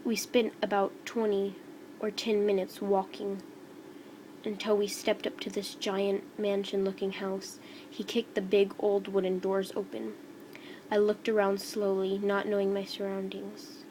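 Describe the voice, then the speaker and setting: A woman reading a first-person fan story aloud in a slow, halting way over a noisy home recording. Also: mid-range voice, monotone, dark tone.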